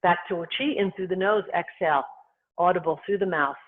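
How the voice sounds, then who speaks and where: A qigong instructor guiding movement and breathing, giving calm, unhurried cues in short phrases. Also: mid-range voice. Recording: tinny phone-like sound.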